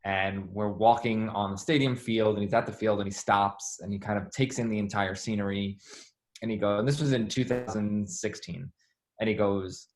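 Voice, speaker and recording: A man being interviewed, telling stories in a chatty, animated way with lots of "like". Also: lowish voice, normal speed. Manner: chatty, animated, heavy use of "like". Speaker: interview guest, former assistant. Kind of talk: casual storytelling interview.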